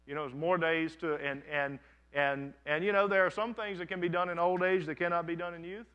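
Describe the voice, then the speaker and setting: Man in his thirties, pastor, rather high voice, bright tone, conversational storytelling sermon in a church. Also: steady tone, a little fast, clear, resonant tone, highs cut off. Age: 30s. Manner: storytelling, with frequent restarts. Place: church sanctuary, before a congregation.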